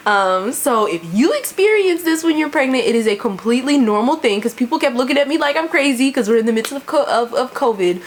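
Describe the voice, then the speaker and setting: A woman's voice: high-pitched, animated, fairly quick. A young woman talks to her camera at home in a loose, chatty vlog style. She laughs often and leans on "like" and "you know" as she goes. A faint hiss sits behind her voice. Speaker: vlogger. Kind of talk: casual chat to camera.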